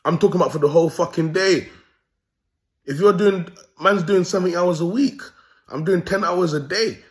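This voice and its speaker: High-voiced and speaking at a moderate pace, this young man with a London accent is the host of his own video. His comic rant comes packed with free swearing and laughter at his own gags.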